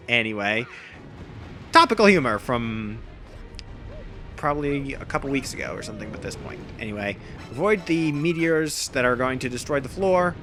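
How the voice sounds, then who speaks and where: A man's voice: medium pitch, lively intonation, measured pace, long pauses, a bit bright, faint music behind. A man giving casual, rambling, self-deprecating let's play commentary over a video game. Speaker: gameplay commentator.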